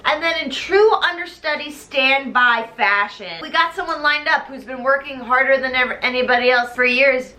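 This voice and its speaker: A woman's voice: sits high, moderate pace, few pauses, pushed and bright, faint music behind. A tipsy young woman hosting a comic plot recap, rambling and giggly with lots of slang. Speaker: host. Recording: echoey room.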